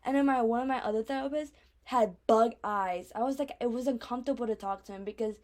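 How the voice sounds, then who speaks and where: A woman's voice: a little high, dark tone. A woman in her twenties hosting a casual solo podcast, rambling along with plenty of fillers. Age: 20s. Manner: rambling, filler-heavy, chatty. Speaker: podcast host.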